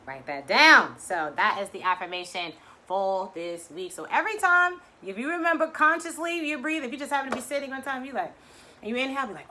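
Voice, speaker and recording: Bright, effusive woman leading affirmations. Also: fairly high pitch, lively intonation, brisk, slight background noise. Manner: effusive, chatty, lots of "you know" and restarts. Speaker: affirmation and mindset teacher leading a weekly online session. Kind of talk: guided breathing and motivational talk.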